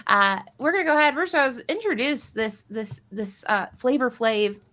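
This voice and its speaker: Casting: bubbly woman host, high-ish bright voice, rambling and jokey. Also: expressive. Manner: bubbly, rambling, quick to joke. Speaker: stream host and commentator. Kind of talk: casual chat on a live stream.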